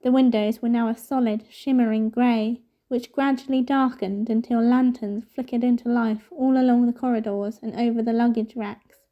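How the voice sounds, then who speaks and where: Woman reading a storybook out loud, steady pace, kinda high and mellow, dull lo-fi sound. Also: normal speed, hardly any pauses. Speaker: storybook reader. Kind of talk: reading a novel aloud.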